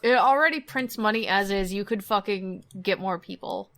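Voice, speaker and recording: A young adult woman co-hosting a podcast, swearing often and telling stories with animated energy. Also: medium pitch, normal speed. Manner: profane, animated storyteller. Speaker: podcast co-host. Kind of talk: casual chat.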